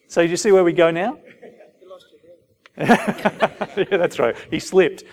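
A man with a high voice preaches a sermon, taking it slowly and pausing often. He's animated, putting rhetorical questions to his listeners and briefly acting out short dialogues.

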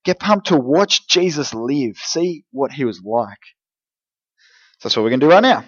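Energetic youth pastor, muffled recording. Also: male voice, mid-range voice, normal speed. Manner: energetic, jokey, direct address to teens. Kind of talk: youth group talk.

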